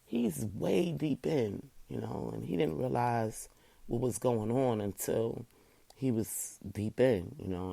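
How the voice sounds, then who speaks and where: Very deep, gravelly-voiced woman talking casually. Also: dark tone. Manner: emphatic, repeats "you know" often. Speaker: online show host. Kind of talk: casual heartfelt talk to viewers.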